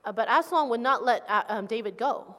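A woman's voice: a little high, animated, fast talker, a bit bright. A woman interpreting a sermon into English line by line, reading scripture with feeling. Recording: long hall reverb.

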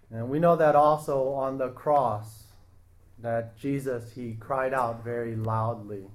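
A man preaching a sermon in a slow, earnest way, pausing and restarting his phrases. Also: mid-range voice, fairly even intonation.

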